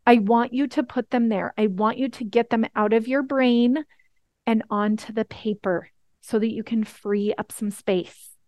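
Slow, higher-voiced woman coaching. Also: fairly even intonation, darkish tone, dry recording. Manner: talks directly to listeners, repeating "okay?" and "right?". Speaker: life coach. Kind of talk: coaching lesson.

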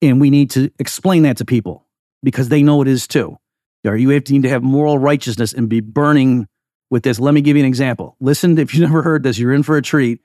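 A man's voice: mid-range voice, fast, warm tone, dry recording, studio quality. A man hosting a podcast, giving casual solo commentary in an emphatic, conversational way with frequent asides. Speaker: podcast host.

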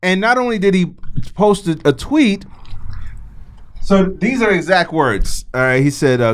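A man with a slightly high voice, talking in a loose, animated podcast chat. He swears freely and tells his stories with plenty of push. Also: measured pace, pauses often, clear, resonant tone. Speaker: podcast co-host.

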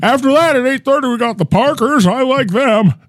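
A man's voice: extremely high pitch, animated, fairly quick, dry recording, pitched above the performer's own voice. A man doing a comedic impression of a rambling, folksy elderly male president. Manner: rambling, folksy, wanders off-topic.

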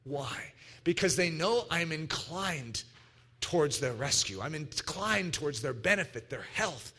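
A man preaching a sermon, emphatic and animated, acting out little quoted voices as he teaches. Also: fairly high pitch, unhurried, breathy edge. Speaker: pastor.

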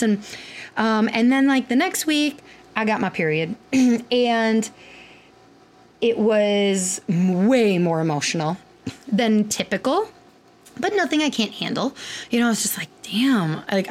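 A woman's voice: medium pitch, animated, unhurried. A woman hosting a podcast, talking candidly in a rambling, casual monologue full of fillers and the odd swear word. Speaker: podcast host and clinician.

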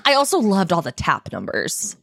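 Gushing, lively woman, dry close sound. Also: fairly low pitch, normal speed, gravelly, no room sound. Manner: gushing, laughs often, swears. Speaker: podcast co-host. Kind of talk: casual chat.

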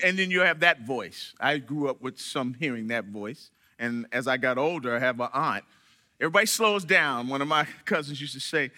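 A man preaching a sermon to his church, animated, with dramatic pauses and quoted voices. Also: fairly high pitch. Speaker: church member giving a sermon.

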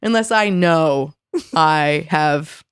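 This podcast co-host has a low voice, drawn-out words, and a clean tone, captured in clean studio sound with no echo. Sick and congested, she chats casually but rants bluntly and animatedly, performing the lines she'd deliver to people.

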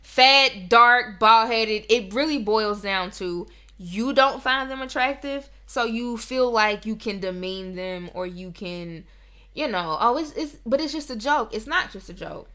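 A woman's voice: medium pitch, measured pace, pushed and bright. A young woman hosting a podcast, ranting in a heated, emphatic, profane casual talk. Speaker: podcast host.

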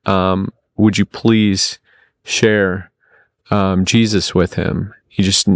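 A man appearing as a podcast guest tells a long personal story in a casual, animated way, often repeating his words. He has a low voice, speaks slowly, and there is no echo.

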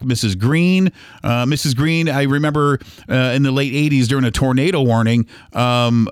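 Middle-aged male host from Ohio, casual meandering storyteller, mid pitch, dry close sound. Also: clean tone, dry recording. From Toledo, Ohio. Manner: rambling, with many fillers and restarts. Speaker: podcast host. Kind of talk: casual reminiscing monologue.

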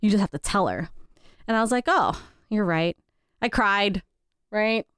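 Smooth-voiced woman chatting candidly. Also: medium pitch, moderate pace, fairly bright tone, dry recording, studio quality. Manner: candid, laughs between stories, quotes people in changed voices. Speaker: podcast co-host. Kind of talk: casual family chat.

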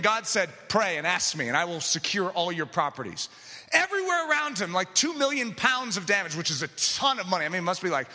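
A man preaching a sermon with passion, dropping to quiet asides and rising to shouts. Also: very high-pitched. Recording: long hall reverb.

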